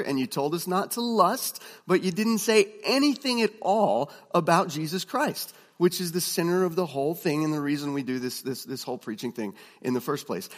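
A man teaching a class of preachers, chatty and relaxed, with fillers and restarts as he tells stories. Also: high-pitched, long reverb tail. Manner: conversational, many fillers and restarts, storytelling asides. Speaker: preaching instructor.

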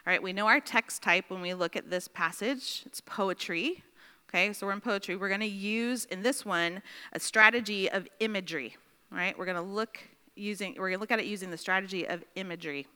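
Woman, Bible study teacher, chatty, bright voice, reverberant hall. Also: medium pitch, a little fast, clear, resonant tone. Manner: chatty, checks in with "right?". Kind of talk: classroom teaching.

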